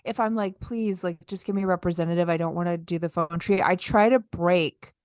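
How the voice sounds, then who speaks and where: A woman co-hosting a casual podcast chat, animated and exasperated, acting out lines with big jumps in her voice. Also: lowish voice, fairly quick, no echo, studio quality. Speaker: podcast co-host.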